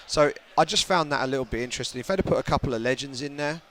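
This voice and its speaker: A man's voice: mid-range voice, racing, a bit bright, slight background noise. A man from the UK, a journalist guest in a casual podcast chat, talking thoughtfully and often restarting his phrases.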